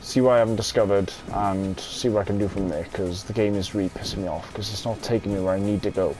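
A man's voice: lowish voice, fairly even intonation, quick pace, music in the background. A young man giving gameplay commentary, irritable and swearing, muttering to himself as he plays. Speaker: gamer.

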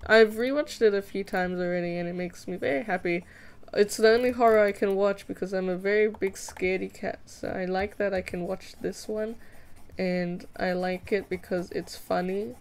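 A woman's voice: medium pitch, steady tone, moderate pace. A young woman chatting casually with viewers while drawing on a live stream, playful, giggly and self-mocking. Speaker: streamer drawing fan art.

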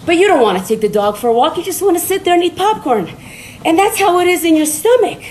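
A woman's voice: very high-pitched, animated, fast talker, darkish tone, slight background noise, low-quality recording. A middle-aged woman giving a blunt, rambling motivational talk on a phone live stream while walking on a treadmill, laughing and swearing.

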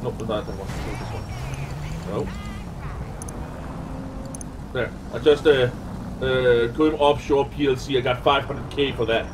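A man's voice: medium pitch, fairly even intonation, measured pace, pauses often. A man giving casual gameplay commentary, rambling and giggly with lots of hesitations. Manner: rambling, giggly, full of uh's. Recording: noisy gameplay capture.

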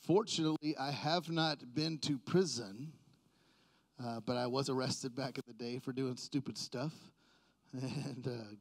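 A man's voice: mid-range voice, creaky. A middle-aged male pastor preaching a sermon in a church, conversational and self-deprecating, joking with the congregation.

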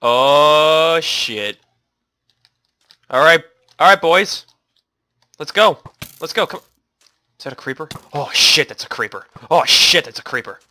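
A man with a very bright, edgy voice commenting on a game he is playing. His pitch jumps all over as he swings from low mutters to sudden shouts, with keyboard typing heard behind him. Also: animated, takes it slowly, long pauses, no echo. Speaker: gaming channel host. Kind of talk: casual let's play commentary.

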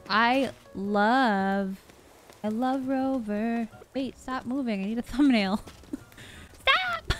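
A young woman chatting through a video game as she plays, excitable and gushing. Her talk is loose and casual, with soft game music in the background. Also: sits high. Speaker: gaming vlogger. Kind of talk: gameplay commentary. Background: faint game music.

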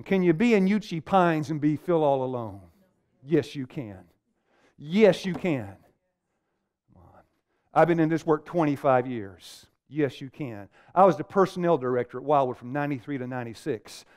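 Middle-aged guy preaching a seminar, clear resonant voice, keeps asking the room questions and getting amens. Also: a little high, brisk. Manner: animated, questions the audience and calls for amens. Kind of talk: seminar sermon. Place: meeting room with a live audience.

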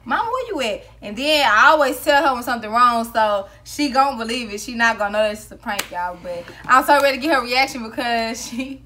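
A woman's voice: on the high side, brisk, hardly any pauses, pushed and bright. A woman hosting a vlog, chatting casually and rambling as she talks to her viewers. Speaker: vlog host. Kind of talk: casual chat to camera.

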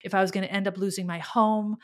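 A middle-aged woman hosting a podcast, telling a personal story in an earnest, halting, emotional way. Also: medium pitch, fairly even intonation. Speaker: podcast host.

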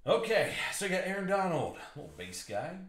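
A man's voice: high-pitched, very animated, brisk, a bit bright. Upbeat man hosting a live card break. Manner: upbeat, jokey banter with chat viewers. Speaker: box break host. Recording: echoey room with faint noise.

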